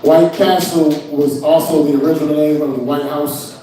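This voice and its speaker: A man's voice: a little high, steady tone, normal speed. A man hosting an open mic and riffing crudely, often asking "you know what I'm saying". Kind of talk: stand-up and emceeing. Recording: echoey room from far off, loud crowd.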